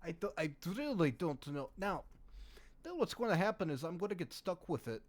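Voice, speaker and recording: High, animated male podcaster. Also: moderate pace, no echo. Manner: playful, rambling, jokey. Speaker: podcast co-host. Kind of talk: casual podcast chat.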